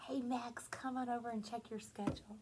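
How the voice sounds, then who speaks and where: A woman teacher reading a picture book to young children in a gentle, sing-song way. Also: a little high, fairly even intonation, brisk, noisy background. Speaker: preschool teacher.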